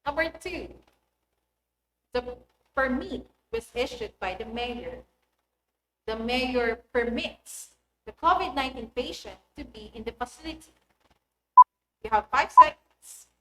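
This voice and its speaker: A woman teaching an online English lesson, speaking in a clear and deliberate instructive manner. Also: a little high, animated, fairly bright tone. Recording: echoey room with faint noise.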